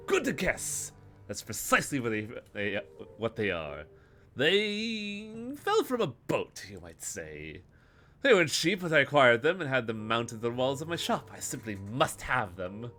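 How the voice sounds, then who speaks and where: A man voicing a cultured, smooth-talking male Russian smuggler who is polite, measured and faintly menacing. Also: on the low side, sing-song, a bit bright, soft background music. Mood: charming.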